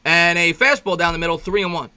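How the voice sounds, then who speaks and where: A man calling a baseball game play by play as a fan host, chatty and rambling, breaking off between pitches to greet viewers and reminisce, his voice jumping up when excited. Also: fast, smooth. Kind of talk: amateur play-by-play commentary with reaction.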